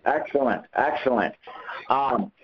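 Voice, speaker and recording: A man hosts a coaching call-in session and answers callers in an animated way, often acting out the dialogue he quotes. His voice sits at a middle pitch. The audio comes through muffled and lo-fi. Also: unhurried, breathy edge. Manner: animated, acts out quoted conversations. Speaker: host answering callers' questions.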